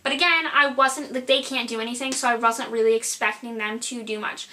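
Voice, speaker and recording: A young adult woman tells a storytime vlog tale. Her voice sits a little high and sounds bright and forward. Her delivery rambles and is packed with filler "likes". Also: fairly even intonation, a little fast. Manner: rambling, filler-heavy retelling, lots of "like". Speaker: vlogger.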